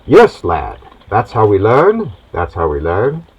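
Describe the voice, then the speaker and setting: A man voicing a gruff, fatherly old sea captain who talks to his cabin boy in a folksy, patronizing way. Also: fairly low pitch, huge pitch swings, slow, heavily acted, poor audio.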